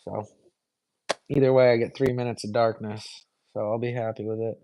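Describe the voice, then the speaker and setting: A man's voice: medium pitch, level tone, normal speed, creaky, warm tone, slight background noise, low-quality recording. A young man hosting a live stream, answering viewer questions in an easygoing, rambling way full of fillers. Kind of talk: casual live Q&A chat.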